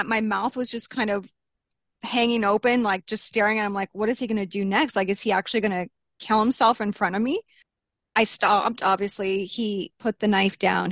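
A woman in an interview, telling her story candidly and bluntly, acting out the lines she quotes and swearing now and then. Her voice sits at an ordinary middle pitch. The recording is dry, with no room echo. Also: a bit bright. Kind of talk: personal account in an interview.

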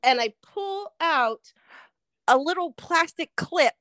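A woman co-hosting a podcast, telling a fast food rant in casual chat, swearing freely and animated. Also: extremely high pitch, dry recording. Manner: swears a lot, animated ranting storyteller. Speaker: podcast co-host.

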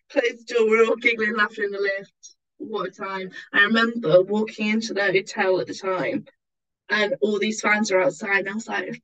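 A woman's voice: medium pitch, brisk, distant mic, muffled recording. Swearing storytelling woman podcaster. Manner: storytelling, swearing, animated quoted voices. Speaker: podcast co-host. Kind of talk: casual chat.

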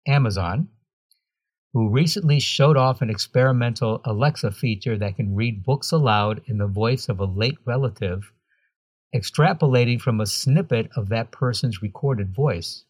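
Male host, husky voice, scripted read with wry deadpan asides, dry booth sound. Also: fairly low pitch, no echo. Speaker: podcast host.

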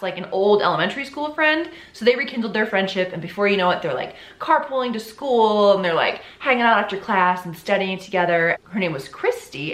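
A woman's voice: mid-range voice, a bit bright. A young woman host telling a true-crime story in a casual, chatty way, full of "like" and sarcastic asides. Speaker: podcast host. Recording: roomy echo.

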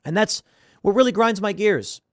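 A man hosting a podcast, giving casual political commentary with an animated, sarcastic delivery that swings between loud bursts and mumbled asides. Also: high voice, moderate pace, no echo, studio quality. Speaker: podcast host.

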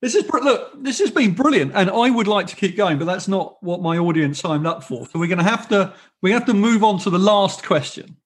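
Hardly pausing, this man speaks fairly quickly and animatedly in a high voice with a breathy edge. He's hosting a podcast interview, chatting casually, telling stories and asking questions in a rambling, self-correcting style.

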